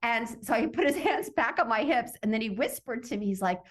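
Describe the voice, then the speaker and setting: Woman guest, animated storyteller who acts out her own thoughts, video-call interview. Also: a little high, fairly quick, hardly any pauses. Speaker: summit guest, author.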